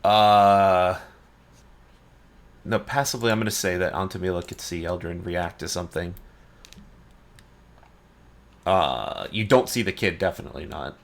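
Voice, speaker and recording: A man narrating and ruling a tabletop game as dungeon master, explaining rules in a relaxed way with frequent pauses. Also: low voice.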